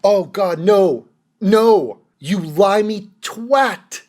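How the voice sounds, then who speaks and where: A man's voice: high-pitched, big pitch swings, extremely slow, darkish tone. Sarcastic, profane man ranting. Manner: profane, mocking, exasperated. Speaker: commentary vlogger. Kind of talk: sarcastic commentary rant.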